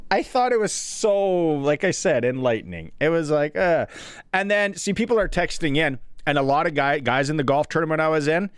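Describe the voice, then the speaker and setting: A Canadian man co-hosting a sports radio show, telling stories in a casual and animated way and acting out the people he quotes. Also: a little high, moderate pace, smooth, no room sound. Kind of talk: casual chat, storytelling.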